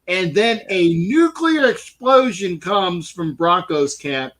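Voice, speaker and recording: A man hosting a casual sports talk show, loud and animated, calling people "shipmate". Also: high-pitched, slow, poor audio. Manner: loud, animated, pirate-captain slang like "shipmate". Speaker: podcast host.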